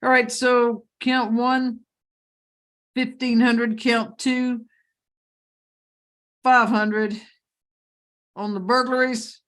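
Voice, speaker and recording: Higher-voiced woman judge, brisk and joking. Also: level tone, a bit bright. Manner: brisk and joking, reading out charges and bond amounts. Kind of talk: courtroom proceedings.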